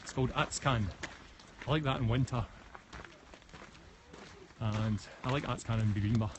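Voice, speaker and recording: Speaking at a moderate pace and medium pitch, this West of Scotland man walks a forest path outside, phone in hand, live-streaming. His casual chat answers viewers' comments with frequent restarts, and outdoor noise is clearly audible.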